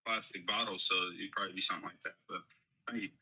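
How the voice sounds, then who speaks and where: A man calling in to a live chat, asking a question in a relaxed way with lots of "like". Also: sits low, fast talker, husky, rough recording. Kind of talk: casual chat.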